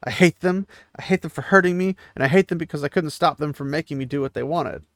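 A man voicing a distraught, bitter young woman while recapping a book, halting and raw. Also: medium pitch, expressive, fairly bright tone, dry recording, clean studio sound.

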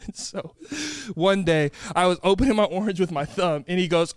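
A young man co-hosts a casual podcast, telling stories at his own expense. His voice sits high and comes through smooth and resonant. The sound is dry and close, with no room in it. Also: steady tone, fairly quick, dry recording. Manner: storytelling, laughing at himself. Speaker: podcast co-host. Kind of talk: casual chat.

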